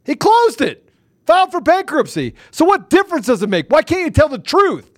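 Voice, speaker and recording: Furious high-voiced man ranting. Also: huge pitch swings, moderate pace. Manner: angry, forceful, repeats himself. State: agitated. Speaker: guest. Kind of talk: heated political rant.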